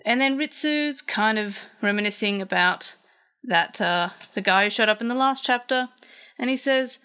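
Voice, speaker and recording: A woman's voice: on the high side, normal speed, pushed and bright, clean tone. A young woman, chatting casually as a channel host while she translates a comic and thinks aloud.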